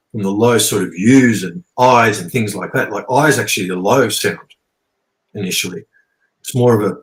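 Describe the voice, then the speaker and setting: A man's voice: lowish voice, a bit bright. Rambling man in a roomy echo. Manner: swearing, rambling, often says "okay?". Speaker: guest teacher. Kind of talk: casual spoken explanation.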